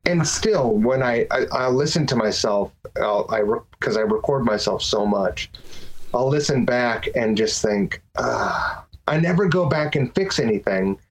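A man talking casually as a guest on a podcast, rambling with many restarts and animated bursts. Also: mid-range voice, unhurried, breathy edge, low-quality recording. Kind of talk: casual interview chat.

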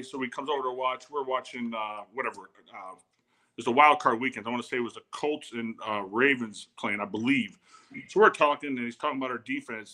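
A man in his forties with a bright, forceful voice, spinning animated stories in casual conversation. He restarts sentences and slips into the voices of the people he quotes. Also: medium pitch. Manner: animated anecdotes with repeated starts, quotes others. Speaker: guest, former football tight end. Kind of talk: casual storytelling chat.

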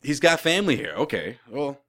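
Fast-talking male co-host who teases. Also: mid-range voice, big pitch swings, fairly bright tone. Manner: teasing, laughs often. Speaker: podcast co-host. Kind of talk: casual sports chat.

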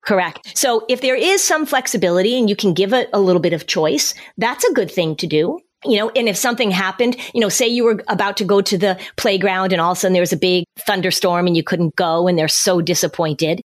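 A middle-aged woman talks through parenting advice on a podcast, laying out each step in plain order. Her voice sits at an ordinary middle pitch for a woman. She slips into short acted lines for a parent or a child as she explains. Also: brisk, few pauses. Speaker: parenting expert guest. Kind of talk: podcast conversation.

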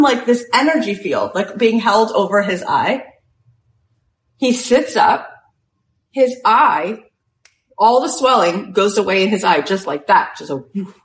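A woman spiritual coach giving an inspirational storytelling talk, animated and full of "like" fillers. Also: fairly high pitch. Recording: roomy echo.

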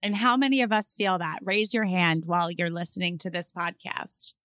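A woman's voice: fairly low pitch, fairly even intonation, moderate pace, fairly bright tone, no room sound, clean studio sound. A young woman co-hosting a casual podcast chat as a therapist, encouraging and laughing often.

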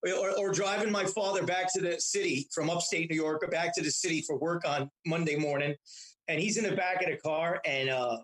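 A man with a higher-pitched voice tells old family stories as a guest in casual conversation. He keeps restarting his sentences and repeating words as he goes. He sounds middle-aged. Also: steady tone, fairly quick, a bit bright, poor audio. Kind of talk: casual storytelling.

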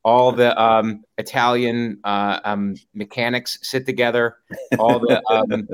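A man hosting a comedy podcast, deadpan and halting, full of uhs and restarts. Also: mid-range voice, smooth. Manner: halting, deadpan, many fillers. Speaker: podcast host. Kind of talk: casual comedy podcast banter.

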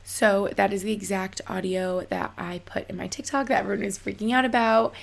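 A young woman hosting a podcast, talking in an excitable, rambling way full of "like.". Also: medium pitch, creaky. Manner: excitable, rambling, lots of likes. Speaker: podcast host. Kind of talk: casual chat.

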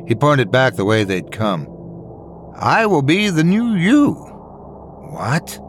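A man reading scary stories as a dramatic, expressive narrator. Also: fairly high pitch, slight background noise. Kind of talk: scripted horror story narration.

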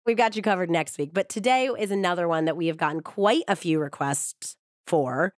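On her true crime podcast, a woman chats warmly and cheerfully before moving into a measured, steady storytelling read. Her voice is husky, a touch hoarse from a cold, and slightly low. The studio recording is close and dry, with no echo.

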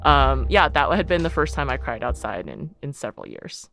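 A woman's voice: a bass voice, sing-song, normal speed, a bit bright, faint music behind. A woman telling a personal story in a casual, chatty way, full of fillers and light laughter. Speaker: guest, writer and athlete.

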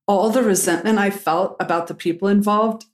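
A woman's voice: medium pitch, steady tone, normal speed, roomy sound. A woman pastor speaking as a guest, frank and reflective in a candid conversation, with the odd blunt swear word.

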